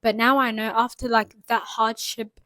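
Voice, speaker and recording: A woman's voice: a little high, level tone, normal speed, a bit bright, no room sound, poor audio. A young woman giving a rambling, earnest motivational talk straight to the camera, full of fillers and asides. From Saudi Arabia. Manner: earnest, rambling, lots of "like" and "you know what I'm trying to say". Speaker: vlogger. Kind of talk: casual motivational monologue.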